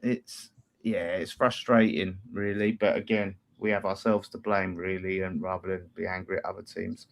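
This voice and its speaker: A man's voice: sits low, level tone, normal speed, creaky. A man hosting a casual post-match fan chat, reading out viewer messages and laughing often. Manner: chatty, laughs often, reads messages aloud. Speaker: fan channel host reading super chats.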